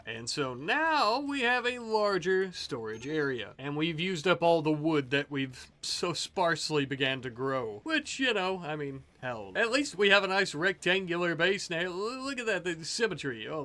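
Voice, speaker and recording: A man giving casual let's-play commentary, reacting loudly to the game and cursing at enemies. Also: fairly high pitch. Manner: animated, swears and yells at the game. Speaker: gaming YouTuber.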